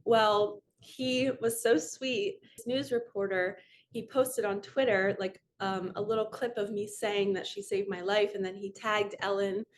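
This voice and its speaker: A woman's voice: mid-range voice, steady tone, unhurried, a little hiss or hum. A woman in her forties, a manifestation coach, telling a personal story in a candid, emotional, rambling way.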